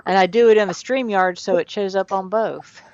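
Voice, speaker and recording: Chatty stream host, dull dry sound. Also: male voice, sits high, steady tone, brisk, no echo. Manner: chatty, reads chat aloud. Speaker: livestream host. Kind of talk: casual livestream chat.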